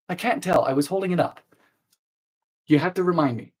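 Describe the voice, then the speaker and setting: A man hosting a live baking stream, chatting playfully with viewers, trailing off and restarting, with sudden high squeals. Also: brisk, darkish tone, rough recording. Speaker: baking show host.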